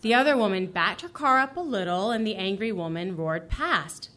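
A woman in her thirties reading her personal essay to a live audience. Her delivery is dry and wry, steady and conversational. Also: medium pitch, normal speed. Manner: dry, wry humor, brief laughs. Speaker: featured reader.

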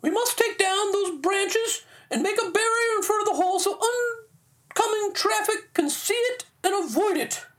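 A man putting on a high, formal British woman's voice for a well-bred wife who insists on helping. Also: normal speed, a bit bright, far from the mic. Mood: insistent. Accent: British (put on). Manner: emphatic, insistent. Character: formal upper-class British woman, eager to help.

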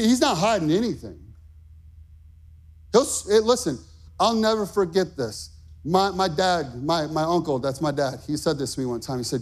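Middle-aged male preacher, high voice, passionate pulpit delivery. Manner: impassioned, emphatic preaching with rising shouts. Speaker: pastor. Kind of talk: sermon.

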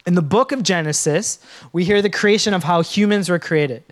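A man's voice: high voice, moderate pace. A man preaching a sermon as a pastor in church, joking often and calling on the congregation to respond.

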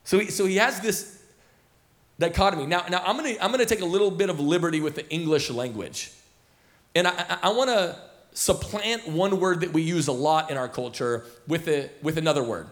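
A man's voice: on the high side, animated, a little fast. Casual, story-telling man pastor. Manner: casual storytelling, many fillers and repeated starts. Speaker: senior pastor. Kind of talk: sermon. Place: church auditorium.

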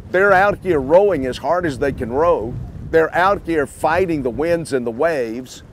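A man preaching a sermon outdoors by the water, deliberate and emphatic, repeating his key points. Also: a little high, slight background noise.

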